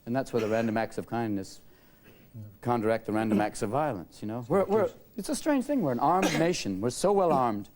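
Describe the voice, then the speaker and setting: A man on a TV talk show telling comic stories and switching rapidly into put-on voices, with studio audience laughter around him. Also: mid-range voice, lively intonation, a little mellow. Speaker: talk show guest, comedian.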